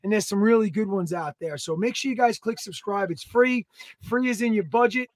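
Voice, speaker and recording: A man in his thirties co-hosting a podcast, talking loudly in an excitable, joking and profane way. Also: high voice, brisk, dry recording. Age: 30s. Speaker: podcast co-host. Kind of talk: casual podcast banter.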